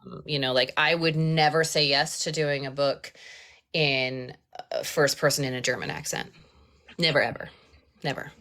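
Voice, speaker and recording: Low-voiced woman audiobook narrator chatting. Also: moderate pace, vocal fry, a bit bright. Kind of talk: casual live-stream chat.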